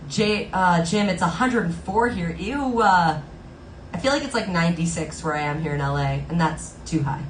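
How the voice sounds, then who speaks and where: A woman's voice: lowish voice, moderate pace, echoey room, slight background noise, low-quality recording. A woman live-streaming from home, chatting casually with her viewers in a bubbly way, full of "like" fillers. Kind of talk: casual chat with viewers between songs. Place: Los Angeles home.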